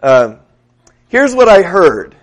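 A man preaching a sermon, telling a story in a relaxed, conversational way and putting questions to the congregation. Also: high-pitched, takes it slowly.

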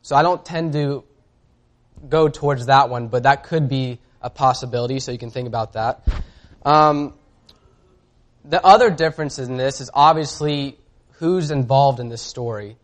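A man preaching a sermon in a casual, conversational way, reading scripture aloud and often pausing on fillers. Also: mid-range voice.

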